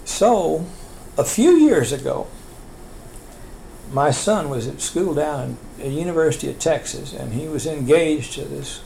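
Gravelly older man telling family stories. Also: a little high, animated, a little slow, mellow, a little hiss or hum, rough recording. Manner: rambling, chuckling storyteller with restarts. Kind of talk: oral history storytelling.

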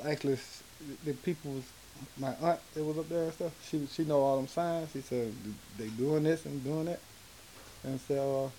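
Halting Southern man from Atlanta. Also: fairly high pitch, a little mellow, a little hiss or hum, poor audio. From Atlanta, Georgia. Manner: rambling, halting, many fillers and restarts. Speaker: interviewee. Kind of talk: casual storytelling in an interview.

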